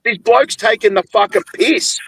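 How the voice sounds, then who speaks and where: A young Australian man rants hard about his football club, swearing constantly and pushing his voice up high. His delivery is angry and relentless. The sound is dry and close, with no room around it. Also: normal speed, creaky, fairly bright tone, husky, no echo, low-quality recording. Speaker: football podcast host. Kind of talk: heated post-game rant.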